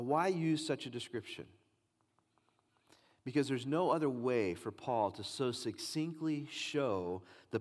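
A man preaching a sermon as pastor, emphatic and pressing his points with repetition. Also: mid-range voice. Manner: emphatic preaching, rising and pressing on key lines. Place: church sanctuary. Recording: long reverb of a large hall.

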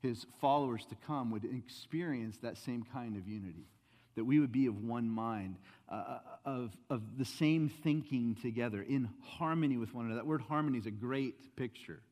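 A man preaching a sermon as pastor, swinging between loud emphatic rises and soft, low asides. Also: moderate pace, big-room sound. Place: church sanctuary.

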